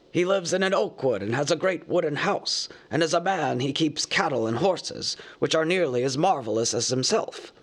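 Testy old male wizard, lecturing, slightly raised pitch, as a male narrator puts him on. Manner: measured, lecturing, easily cross.

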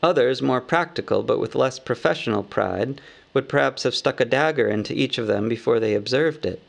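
A man narrating a storybook aloud in a measured, wry manner. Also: medium pitch, vocal fry. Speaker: audiobook narrator.

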